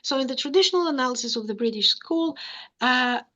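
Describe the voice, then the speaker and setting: Woman lecturing, higher voice, muffled audio. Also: expressive, fairly quick, pushed and bright. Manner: explaining with frequent "uh" and "okay?" checks. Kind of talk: academic lecture.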